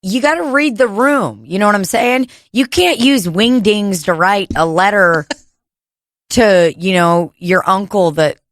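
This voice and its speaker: Slow-talking crude comedian woman. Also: mid-range voice, no room sound, studio quality. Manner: crude, rambling, laughs often, breaks into mock voices. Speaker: comedian podcast co-host. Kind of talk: casual comedic chat. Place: home room podcast setup.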